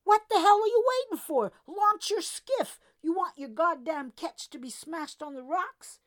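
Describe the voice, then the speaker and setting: Woman doing a bellowing gruff tug captain. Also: very high voice, animated, a little slow, voice pushed up, exaggerated voice. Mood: barking angrily. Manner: barking, shouting orders. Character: gruff bossy male tugboat captain.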